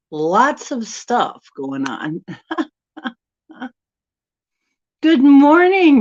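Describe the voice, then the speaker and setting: A woman's voice: a little high, big pitch swings, drawn-out words, pauses often, darkish tone. A woman hosting a casual live stream from a room at home, chatty and rambling as she greets viewers by name. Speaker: livestream host. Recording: dull lo-fi stream audio.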